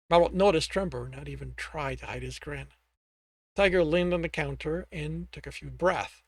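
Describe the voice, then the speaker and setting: A man's voice: a little high, normal speed, no room sound. A man narrating his own book, reading aloud and correcting himself as he goes. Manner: reads with restarts and self-corrections. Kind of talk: audiobook narration.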